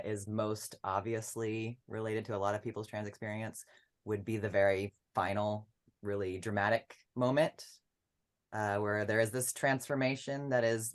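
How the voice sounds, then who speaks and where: An activist guest from Memphis, Tennessee, speaking earnestly and reflectively in a casual panel chat, with a few pauses. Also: mid-range voice.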